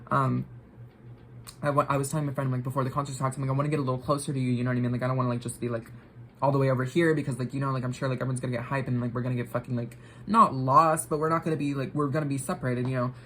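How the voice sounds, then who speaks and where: A woman's voice: very deep voice, little pitch movement, rapid-fire, fairly bright tone, slight background noise, poor audio. A young woman vlogger telling a story while getting ready, rambling with lots of filler words and swearing.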